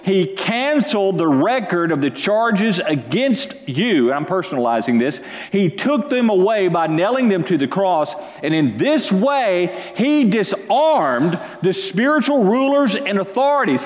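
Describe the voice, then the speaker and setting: A man preaching a sermon, reading scripture and calling for responses from the congregation, swinging between loud exhortation and quiet asides. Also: high voice, big pitch swings, a little slow, few pauses, reverberant, long reverb tail. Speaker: pastor.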